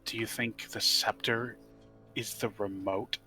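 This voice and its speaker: A man's voice: lowish voice, steady tone, a little slow, bright, forceful tone, soft background music, rough recording. A man playing a tabletop game, chatting casually in a rambling, jokey way.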